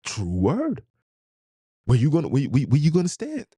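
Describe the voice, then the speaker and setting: A man's voice: on the high side, very animated, fast talker, dark tone, breathy edge, no room sound, studio quality. A man hosting a podcast, delivering a preachy, fired-up monologue full of rhetorical questions and streetwise slang. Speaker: podcast host. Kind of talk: impassioned monologue.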